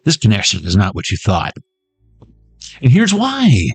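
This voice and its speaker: A man riffing through a tarot reading in a jokey, animated way, his pitch bouncing all over. He keeps popping up into squeaky high voices for gags. The sound is dry and close, with faint music underneath. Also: measured pace, creaky, husky, dry recording. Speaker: tarot reader. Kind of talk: comedic tarot reading monologue.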